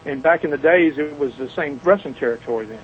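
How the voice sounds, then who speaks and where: A man's voice: a little high, fast, highs cut off, slight background noise. A middle-aged man from Alabama with a Southern US accent, a guest telling boisterous, folksy stories in a phone interview. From Mobile, Alabama, US. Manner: joking, boisterous, folksy storyteller.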